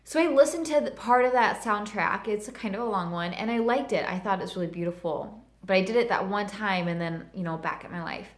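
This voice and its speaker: A woman's voice: mid-range voice, fairly quick, few pauses, roomy sound. A woman in her thirties telling a personal story in a vlog, earnest and heartfelt, with lots of "like". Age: 30s. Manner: earnest and heartfelt, many fillers of "like". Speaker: vlogger.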